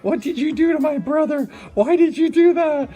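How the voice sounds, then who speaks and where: Guy doing his sister, shrill and high, yelling threats, music in the back. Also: moderate pace. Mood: furious. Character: fiery protective young woman, the narrator's sister.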